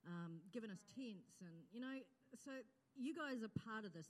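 Woman outreach leader at church, casual and grateful, higher voice, long hall reverb. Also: expressive, moderate pace. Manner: warm, chatty and grateful, with laughs and fillers. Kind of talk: speaking to a church congregation. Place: church auditorium.

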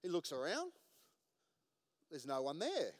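Male pastor, sermon, high lively voice, joking, long echoing reverb of a hall. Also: measured pace. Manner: joking, laughs at his own jokes. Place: church hall.

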